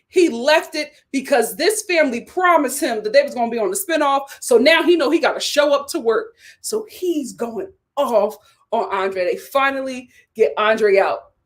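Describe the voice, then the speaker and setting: A woman hosting a reality TV review, recapping episodes in animated casual commentary. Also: high voice, moderate pace. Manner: animated storytelling with acted quotes and laughter.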